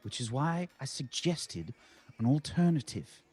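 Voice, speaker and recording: A man playing a formal, husky-voiced adventurer. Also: mid-range voice, sing-song, a little mellow. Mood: earnest. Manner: measured and formal, persuasive.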